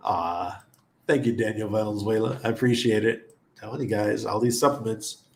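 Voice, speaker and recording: A man's voice: fairly low pitch, vocal fry, reverberant. A middle-aged man hosting a casual livestream chat who laughs often and greets viewers by name. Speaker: livestream host.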